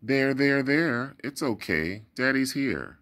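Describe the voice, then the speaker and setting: A man's voice: mid-range voice, expressive, takes it slowly, a bit bright, pitched above the performer's own voice. A man voicing an anxious, protective father clownfish in a read-aloud storybook, fretful and pleading. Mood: tender. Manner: fretful, pleading, rising to frantic cries.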